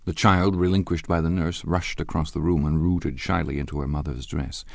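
Deep, gravelly male narrator. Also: steady tone, normal speed, hardly any pauses, no room sound. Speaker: audiobook narrator. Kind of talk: scripted literary narration.

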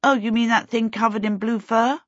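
A woman's voice: on the high side, steady tone, moderate pace, no room sound, muffled recording, voice pushed up, close to an everyday voice. A woman voicing a snappish, bossy young girl. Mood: irritated. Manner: snappish, impatient.

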